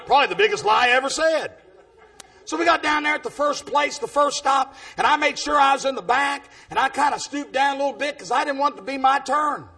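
A man preaching a storytelling sermon in a big booming voice, dropping in "amen" as he goes and breaking into shouts. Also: fairly quick.

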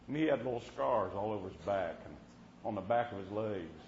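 Folksy preacher in a roomy church. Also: male voice, fairly low pitch, expressive, fairly quick, a little mellow, a little hiss or hum. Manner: folksy, punctuates with "Amen", preaches with rising fervor. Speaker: preacher at a revival meeting. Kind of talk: storytelling sermon. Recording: roomy, dull church recording.

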